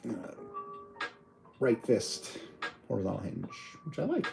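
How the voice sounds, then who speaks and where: A man's voice: on the low side, huge pitch swings, measured pace, creaky, long pauses, over music, rough recording. A man casually reviewing toys on a live stream, rambling and chatty with lots of fillers. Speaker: toy reviewer.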